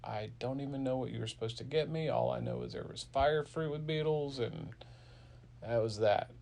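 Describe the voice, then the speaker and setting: A man voicing a clueless, forgetful female cat in a bedtime story, speaking softly and vaguely in a low gravelly voice. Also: lively intonation, moderate pace.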